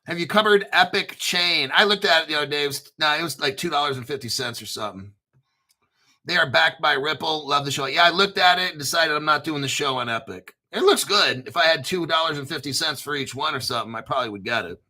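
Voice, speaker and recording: Bright-voiced profane crypto streamer man. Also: a little high, fast. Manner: profane, rambling, jokey. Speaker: crypto YouTube host. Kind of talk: casual livestream chat.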